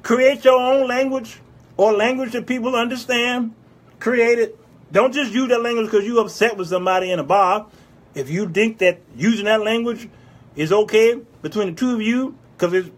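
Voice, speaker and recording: A man hosting a casual live-stream advice show, animated and teasing, breaking into sudden loud outbursts and answering viewer comments aloud. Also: high-pitched, normal speed. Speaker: talk show host.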